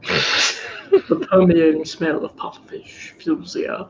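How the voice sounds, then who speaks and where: A man with a high, gravelly voice drops wry one-liners into a casual livestream chat. His lines sound dry and deadpan. The sound is dull, with faint background noise. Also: slow pace. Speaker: podcast co-host.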